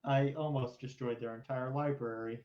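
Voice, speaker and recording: A man playing in a tabletop game, speaking plainly and briskly. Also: mid-range voice, steady tone, darkish tone, recorded from a distance. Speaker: player. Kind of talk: casual tabletop play. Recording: dull lo-fi mic.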